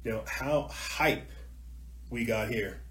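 A man's voice: mid-range voice, slow, a little hiss or hum. Ranting talk show host man in an echoey room. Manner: ranting, repetitive, swings from mutter to shouting. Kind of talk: heated monologue on a call-in show.

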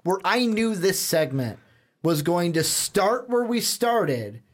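Chatty Chicago man with a slightly high voice. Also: sing-song, takes it slowly. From Chicago, USA. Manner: rambling, chatty, swears casually. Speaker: podcast co-host. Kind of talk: casual chat.

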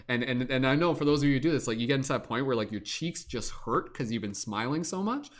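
Animated and fast, with hardly any pauses, this mid-range male voice belongs to a podcast host running a livestreamed talk show. He chats in an excited, casual way, going on eagerly and at length and filling his speech with fillers.

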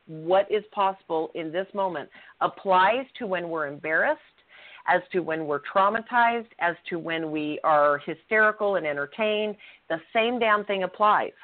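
A middle-aged woman co-hosting a talk show, telling a personal story in an earnest, blunt way and swearing freely. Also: fairly low pitch. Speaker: co-host. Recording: tinny phone-line audio.

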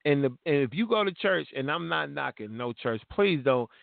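50대 남성, 거칠고 갈라진 목소리로 속어를 섞어 열정적으로 말함, 전화선처럼 가늘고 건조한 음질. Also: male voice, on the high side, expressive, normal speed, vocal fry, dry recording. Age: 50s. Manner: emphatic, slangy, fired-up storytelling. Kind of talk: casual podcast chat. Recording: tinny phone-line sound, dry.

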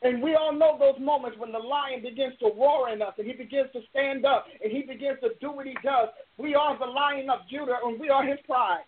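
A woman preacher delivers a live broadcast sermon in a high, ringing voice. She is fervent and emphatic, repeating her declarations for force. The sound is narrow and tinny, like a phone line. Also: a little fast, few pauses. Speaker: preacher and show host.

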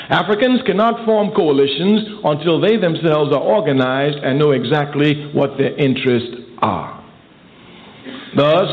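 A man giving an emphatic, rhetorical political speech in an oratorical style. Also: a little high. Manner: emphatic, rhetorical, building repetition. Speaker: political speaker. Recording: tinny phone-like archive speech.

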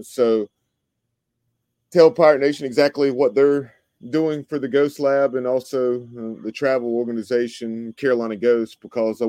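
Podcast host guy, mellow smooth voice, dry close sound, just asking questions. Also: mid-range voice, no echo. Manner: conversational, questioning. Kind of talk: interviewing a guest.

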